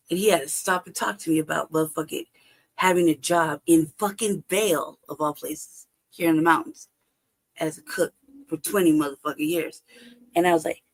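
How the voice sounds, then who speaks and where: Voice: medium pitch, creaky. A livestream host telling a personal story casually, heavy with profanity, laughing often and acting out both sides of a conversation. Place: home livestream setup.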